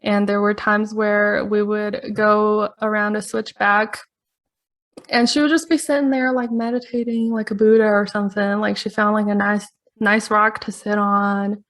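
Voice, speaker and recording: A woman's voice: mid-range voice, little pitch movement, moderate pace, a bit bright. Woman, podcast host, casual storytelling, laughs often, filler words, mid-range voice.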